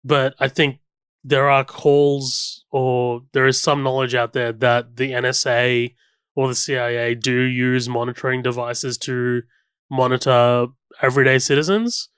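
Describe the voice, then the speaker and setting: A man's voice: mid-range voice, flat delivery, a little slow, a bit bright, clear, resonant tone, no echo, clean studio sound. A man co-hosting a film podcast, rambling casually with many "like"s and restarts. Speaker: podcast co-host. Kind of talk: casual chat.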